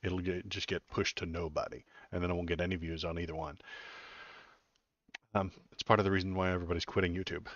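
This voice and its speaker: A man's voice: low voice, flat delivery, quick pace, fairly bright tone, dry recording. A man hosting his own political live stream from home, chatting casually in a rambling, self-deprecating way with lots of fillers. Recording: dry, slightly dull lo-fi audio.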